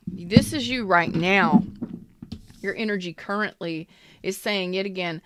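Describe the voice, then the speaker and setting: A woman's voice: lowish voice, unhurried, long pauses. A woman giving a casual live-streamed tarot reading, talking bluntly, swearing now and then and greeting viewers by name. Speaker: tarot reader.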